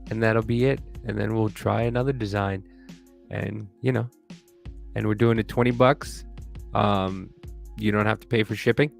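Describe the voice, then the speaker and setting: Gravelly man co-hosting a podcast. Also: normal speed, soft background music. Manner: profane, animated, jumps into a high yell when worked up. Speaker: podcast co-host. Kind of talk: casual podcast chat.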